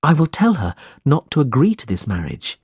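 A man's voice: mid-range voice, wildly swooping pitch, normal speed, darkish tone, husky, no echo, studio quality, pitched above the performer's own voice, exaggerated voice. A man voicing an earnest, brave young man in a storybook reading, urgent and sincere.

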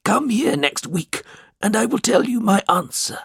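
Nervous old father, hushed and slow, as a man puts him on pitched high. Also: expressive, vocal fry, breathy edge, no room sound, studio quality, heavily acted. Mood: secretive. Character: anxious older father, hushed and wary.

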